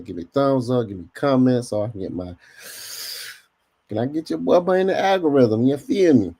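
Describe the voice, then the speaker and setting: Medium pitch, normal speed, and a slightly rough voice with vocal fry mark this podcast host. He runs a casual livestream, animated and slangy, speaking straight to the people in chat.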